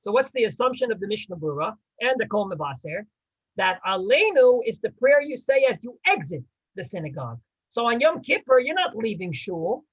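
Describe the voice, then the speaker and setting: A man teaches a class with a husky edge to his voice. His pitch swings widely as he quizzes and teases the people listening. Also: sing-song, brisk, lo-fi sound. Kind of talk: lively spoken class.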